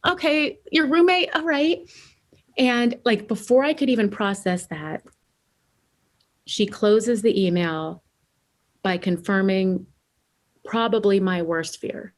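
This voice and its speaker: Woman telling her story with feeling. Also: lowish voice. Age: 40s. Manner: animated, acting out remembered dialogue; candid and emotional, searching for words. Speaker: podcast guest, author and speaker. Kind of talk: personal storytelling in an interview.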